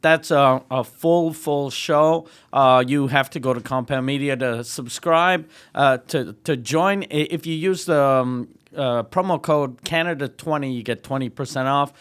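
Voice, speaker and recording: A man's voice: medium pitch, measured pace, few pauses, fairly bright tone, smooth. A man co-hosting a comedy podcast, dropping dry, crude one-liners and reading out plugs for the show. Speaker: podcast co-host. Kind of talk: casual comedic chat.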